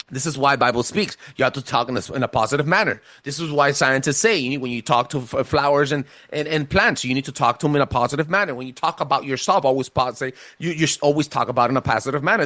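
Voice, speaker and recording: A man's voice: a little high, fairly bright tone, dry recording, clean studio sound. A man with a thick accent, casually presenting ideas on a podcast, emphatic, stumbling and restarting as he goes. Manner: says he has a thick accent. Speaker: podcast host giving a presentation.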